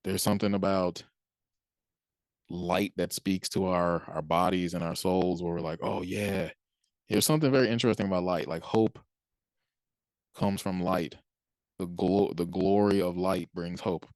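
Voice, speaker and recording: A man's voice: low voice, steady tone, normal speed, a little mellow, smooth, no room sound. A man giving a casual, conversational talk on Christian faith, acting out people's reactions and chuckling between points. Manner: conversational, acts out quoted reactions, chuckles often. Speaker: Christian speaker.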